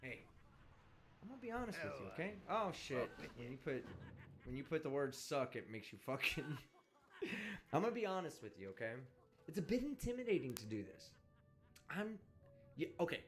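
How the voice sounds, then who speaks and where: A man's voice: a little high, moderate pace, pauses often. Brash, foul-mouthed man ranting. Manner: brash, vulgar, animated ranting. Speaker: livestream host. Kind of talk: casual profane live-stream rant. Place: indoors, traveling.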